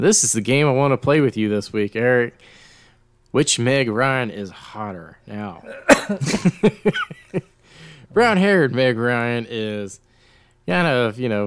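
Podcast co-host, male, animated, pitch jumping around, dry close mic. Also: smooth, no echo. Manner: animated, laughing, swearing. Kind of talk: casual chat.

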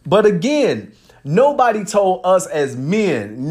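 Podcast host, man with a high voice that swings a lot, animated and profane. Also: a little slow. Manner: animated, profane, emphatic storytelling. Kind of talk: casual monologue.

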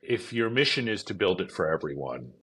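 A middle-aged man, a company executive, chatting casually in an interview, filling his stories with "like" and "you know" and acting out shouted quotes. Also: sits low, sing-song, a little fast, slightly rough. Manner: chatty, many fillers, acts out shouted quotes. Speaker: events company CEO, podcast guest.

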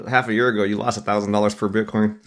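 A man's voice: lowish voice, level tone, very fast. A young man co-hosting a podcast, chatting casually with loose, profane, laughing banter. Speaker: podcast co-host. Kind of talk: casual chat.

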